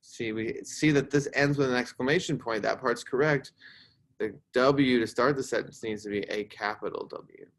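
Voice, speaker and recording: A male teacher giving a recorded grammar lesson to fourth graders, acting out example sentences with loud, excited emphasis. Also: medium pitch, moderate pace, slight background noise.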